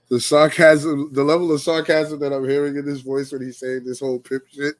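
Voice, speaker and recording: A man's voice: on the high side, flat delivery, normal speed, dry recording. Laid-back man giving dry commentary. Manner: laid-back, directs listeners to notice things. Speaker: podcast host. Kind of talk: casual reaction commentary.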